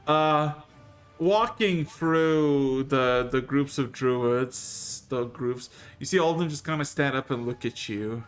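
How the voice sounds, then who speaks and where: A man running a tabletop game as game master, describing scenes in halting, often restarted sentences. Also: mid-range voice. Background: faint music.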